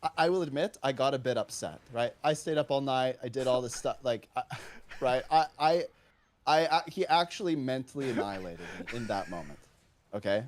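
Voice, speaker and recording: A man's voice: mid-range voice, a little fast. Man telling a classroom story. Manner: animated, acts out both sides of a dialogue. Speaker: teacher. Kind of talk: casual storytelling on a live stream.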